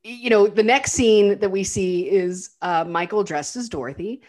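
A woman's voice: mid-range voice, normal speed, a little mellow. A woman co-hosting a casual chat, retelling a film with laughs and many fillers. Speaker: podcast co-host.

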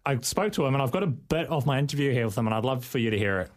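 A man's voice: mid-range voice, animated, racing. A man hosting a sports radio show, chatting casually and teasing his guests in a jokey way. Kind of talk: casual radio chat and interviewing.

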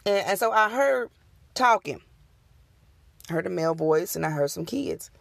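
A woman's voice: lowish voice, animated, normal speed, creaky. A woman on her podcast telling a true ghost story in a casual, folksy way, talking straight to her listeners.

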